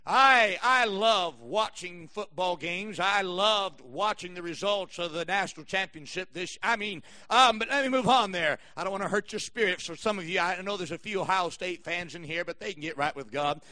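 A man pastor delivering a sermon with emphatic preaching, rising to shouted peaks and dropping to quiet asides. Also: sits high, normal speed, few pauses.

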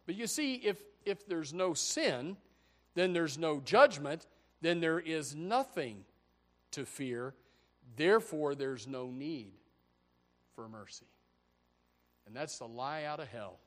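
Guy preaching, fired up, voice swoops high and low, gets loud. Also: lively intonation, a little slow, pauses often. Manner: impassioned, rising to loud emphatic peaks. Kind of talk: sermon.

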